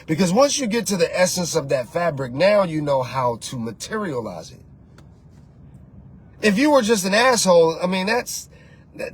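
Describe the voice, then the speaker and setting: A man's voice: high-pitched, breathy edge. A man hosting his own channel as a life coach, talking in a preachy, repetitive, conversational way and urging the listener. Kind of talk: motivational monologue.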